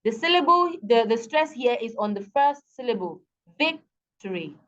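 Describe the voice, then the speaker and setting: A woman with a Nigerian English accent tutoring students over a video call, patient and repeating each word slowly. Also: on the high side, expressive, fairly bright tone. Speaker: online tutor. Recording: dull lo-fi video call audio.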